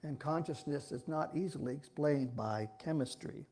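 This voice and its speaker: Folksy man giving a husky sermon. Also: on the high side, moderate pace, dark tone. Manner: folksy, rambling, with many restarts. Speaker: speaker giving a talk at a church. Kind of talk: informal sermon.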